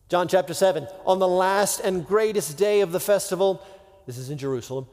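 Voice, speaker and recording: A man's voice: high voice, expressive, normal speed, darkish tone. A man preaching a sermon in a conversational way, dropping to near-whispers for effect and acting out imagined voices. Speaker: pastor. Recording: long hall reverb.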